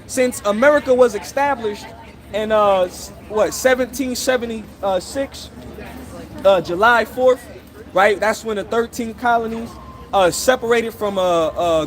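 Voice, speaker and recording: A man street preaching outdoors in a scolding, confrontational way, tagging almost every phrase with "all right?" or "okay?". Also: very high voice. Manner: scolding, accusing listeners directly.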